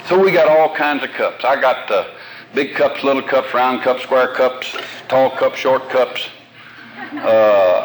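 Older male pastor, folksy homespun sermon, mid-pitched voice, faint hiss on recording. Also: fairly bright tone, poor audio. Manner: folksy, homespun, with plain everyday examples. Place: room with a congregation.

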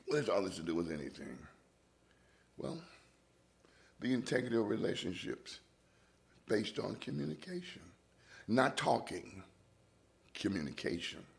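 A man's voice: low voice, vocal fry. A man hosting a reflective monologue, musing with restarts and sometimes dropping into a whisper. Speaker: podcast host.

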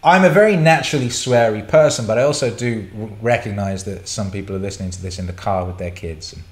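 A man's voice: fairly low pitch, fast. A middle-aged man hosting a casual livestream Q&A, blunt and sweary as he rants and answers chat questions. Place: indoor room. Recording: roomy echo.

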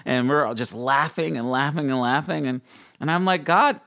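Excitable young man telling wild stories. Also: normal speed. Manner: excited storyteller who acts out quotes in a high voice and laughs often. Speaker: guest. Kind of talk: animated faith testimony in an interview.

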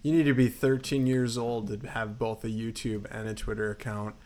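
A man's voice: medium pitch, flat delivery, normal speed, mellow. Teasing man cracking jokes on a podcast. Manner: teasing, joking interjections. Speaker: podcast guest. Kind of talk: casual podcast chat.

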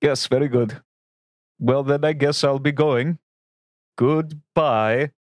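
A polite, slightly fumbling gentleman who asks careful questions, as a player voices him. The voice sits mid-range, polite and hesitant. The sound is dry and close. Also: medium pitch, steady tone, takes it slowly, no echo, voice pushed up, close to an everyday voice. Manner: polite and hesitant, many fillers. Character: courteous young gentleman, polite and uneasy.

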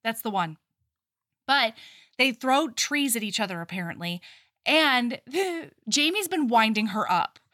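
A young adult woman co-hosting a podcast, retelling a novel's scenes in a casual, animated way with goofy voices for the characters. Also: on the high side, a little slow, no echo, clean studio sound. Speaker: podcast co-host. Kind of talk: casual book-club chat.

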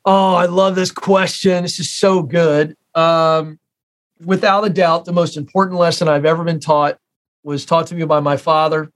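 A man's voice: fairly high pitch, flat delivery, normal speed. A man in his forties from the United States, a career expert telling stories as an interview guest, emphatic and repeating key phrases for effect. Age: 40s. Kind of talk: interview storytelling.

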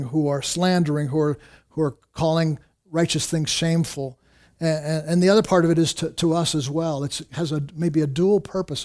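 A man preaching a sermon, earnest, often repeating words and restarting, rising in pitch and force when he urges. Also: a little mellow. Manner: rises in pitch and volume when exhorting. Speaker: pastor.

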